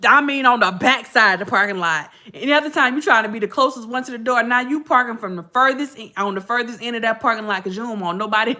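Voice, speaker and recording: A middle-aged woman chats through old stories and keeps calling out to her listeners. Her voice sits a little high and rings bright. She laughs easily as she talks. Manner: chatty, laughing, addresses listeners as y'all. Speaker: podcast host. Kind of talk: casual storytelling to viewers.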